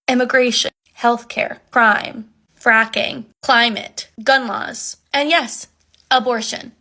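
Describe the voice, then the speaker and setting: A woman's voice: on the high side, gravelly, bright, forceful tone. A woman ranting in an exasperated, sarcastic tone in a casual social media video. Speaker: content creator.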